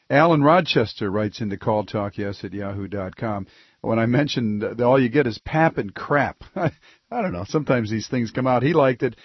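A man's voice: on the low side, expressive, moderate pace, breathy edge, no echo, dull audio. A man hosting a call-in radio talk show from a studio, rambling and jokey as he reads listener emails and takes calls.

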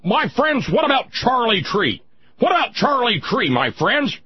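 A man mimicking a blustering male right-wing radio talker in a high, shouting, overheated rant. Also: sing-song, measured pace, breathy edge, exaggerated voice. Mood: frenzied. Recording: dull lo-fi broadcast sound.

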